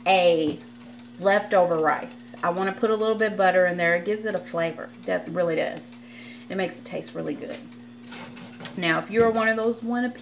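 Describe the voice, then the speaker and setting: A chatty woman talks her viewers through a recipe at the stove, wandering into friendly, apologetic asides. Her voice sits at an ordinary middle pitch. Clear sizzling and kitchen noise run underneath. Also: rough recording. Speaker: cooking vlogger. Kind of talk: casual cooking demonstration. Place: home kitchen. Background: frying and sizzling in a skillet.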